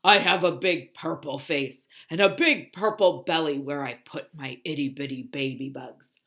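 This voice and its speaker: A woman voicing a big, bad, hungry male bully bug from a storybook, growling and boasting loudly. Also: deep voice, normal speed. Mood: menacing.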